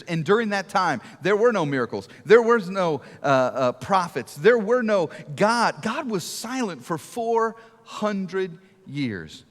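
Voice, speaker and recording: A middle-aged man preaching a sermon to a church, telling stories and asking rhetorical questions, sometimes dropping to a hush for emphasis. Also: fairly high pitch. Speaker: guest preacher. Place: large church auditorium. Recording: long reverb of a large hall.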